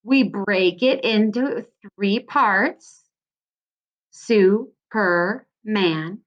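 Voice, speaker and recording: A woman's voice: fairly high pitch, lively intonation, measured pace, lo-fi sound. A woman teacher giving a recorded lesson to young children, stretching out syllables in a sing-song way. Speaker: second grade teacher.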